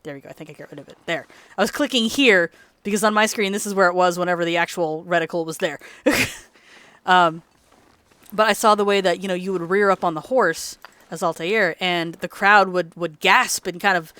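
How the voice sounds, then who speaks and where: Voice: mid-range voice, a little fast, pushed and bright, clear, resonant tone, no room sound. A let's play host rambling in casual gameplay commentary, chatty and laughing often, sleepy and yawning late at night.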